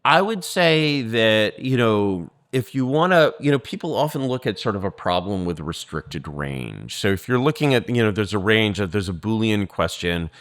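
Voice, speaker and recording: Interview guest, man, low smooth voice, digressive and filler-heavy, dry close sound. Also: animated, normal speed, hardly any pauses, a bit bright, no echo. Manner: rambling, digressive, many fillers. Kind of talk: political interview.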